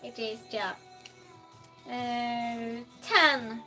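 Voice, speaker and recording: A woman hosting a quiz game on her live stream, reading chat messages aloud in a casual way, sometimes loud and sometimes dropping almost to a whisper. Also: fairly high pitch, steady tone, soft background music. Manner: reads chat aloud, slow and chatty, swings between loud outbursts and soft near-whispers.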